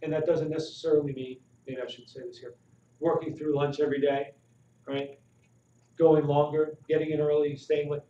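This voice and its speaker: Man giving an animated health talk. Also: fairly high pitch, moderate pace. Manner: asks the audience questions, animated and emphatic. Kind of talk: live health seminar talk. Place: room with a live audience. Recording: roomy, distant, dull audio with faint noise.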